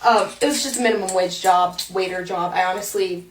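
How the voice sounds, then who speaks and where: A woman's voice: mid-range voice, fairly quick, roomy sound, far from the mic, background noise. A woman telling a story in a casual vlog, amused and self-deprecating.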